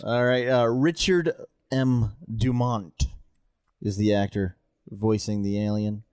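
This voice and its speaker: A man's voice: on the low side, fairly even intonation, takes it slowly, darkish tone, clear, resonant tone, no echo. A man, an actor, casually telling a story in chat and laughing at himself now and then. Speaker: actor, podcast co-host.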